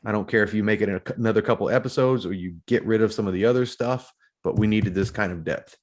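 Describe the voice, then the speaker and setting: Lower-voiced man, emphatic podcast co-host. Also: fast. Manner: emphatic, repeats phrases for effect. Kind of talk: casual book discussion.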